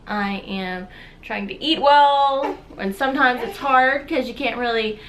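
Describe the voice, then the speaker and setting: A young woman in her twenties filming a casual personal vlog at home, speaking softly and rambling, with many fillers and tearful laughs. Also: on the high side, unhurried, a little hiss or hum. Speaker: vlogger, new mother. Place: at home, holding her baby. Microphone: camera viewfinder.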